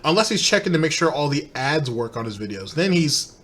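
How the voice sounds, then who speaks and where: A man's voice: on the high side, big pitch swings, brisk, a bit bright, a little hiss or hum. A man hosting a commentary show, mocking and laughing at the person in the clips he is reacting to. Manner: sarcastic, laughing at the subject. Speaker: commentary host.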